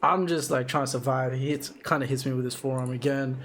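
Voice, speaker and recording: A young man casually narrating footage of his own amateur Muay Thai fight, excited and slangy, full of restarts and sound effects. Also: mid-range voice, a little fast. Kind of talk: casual fight breakdown commentary.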